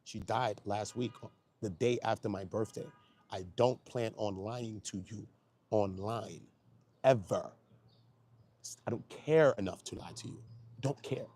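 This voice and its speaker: A man with a Brooklyn accent, a YouTube commentator in a slangy, emotional monologue, swinging from low, quiet talk to loud, high outbursts and often asking if you hear him. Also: measured pace, pauses often. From Brooklyn, New York. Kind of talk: emotional casual monologue to camera.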